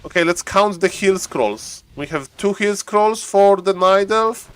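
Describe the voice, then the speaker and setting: A man giving chatty, excitable live commentary on a strategy game stream, laughing often and restarting his phrases. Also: high-pitched, unhurried, clean tone, no echo.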